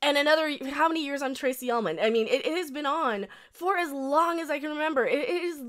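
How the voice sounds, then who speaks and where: A high-voiced woman in her thirties hosts a reaction video, reading a news article at a quick pace. She repeatedly bursts into profane, blunt rants and restarts what she was saying.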